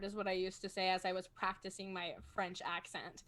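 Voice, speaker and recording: A woman's voice: fairly low pitch, flat delivery, fairly quick, fairly bright tone. A woman talking casually as a role-playing game player on a video call, chatty and self-conscious, laughing often. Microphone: home streaming microphone.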